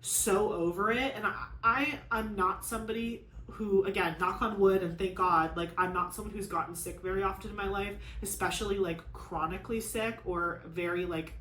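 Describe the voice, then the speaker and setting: A young woman talks casually to camera, rambling through a story with constant "like"s and restarts. Her voice sits at an ordinary middle pitch. The room is echoey, with a faint hiss of noise behind her. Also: moderate pace, few pauses, fairly bright tone. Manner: rambling, filler-heavy storytelling with many "like"s. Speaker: crafting vlogger.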